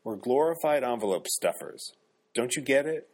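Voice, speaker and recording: A man's voice: mid-range voice, expressive, moderate pace, darkish tone, pitched above the performer's own voice, close to an everyday voice. A man doing a scornful young male intern. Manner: scornful, dismissive. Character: sharp cynical young male editorial intern.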